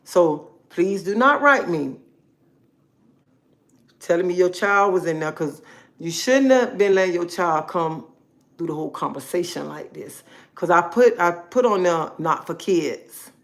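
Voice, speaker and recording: A woman's voice: lowish voice, animated, unhurried. A woman hosting a casual livestream, talking in a bossy, scolding way, repeating herself and checking in with "okay?". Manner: bossy, repetitive, scolding, keeps asking okay. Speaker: livestream host.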